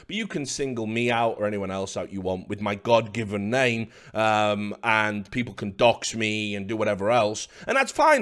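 A man hosting a commentary video, ranting in a sarcastic, profane and scornful way at his audience. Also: medium pitch.

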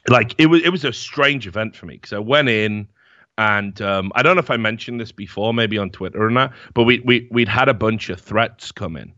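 A man's voice: on the low side, a little fast, pushed and bright, no echo. A young man telling rambling, profane stories in a casual chat as podcast host. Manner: rambling, profane storytelling with many fillers. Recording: dull, dry lo-fi mic.

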